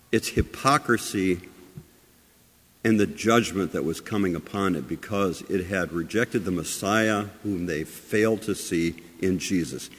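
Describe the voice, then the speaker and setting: A man with a fairly low voice delivers a sermon, asking his listeners rhetorical questions. He swings from loud, emphatic phrases to hushed asides. His voice rings with the long reverb of a large church. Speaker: pastor.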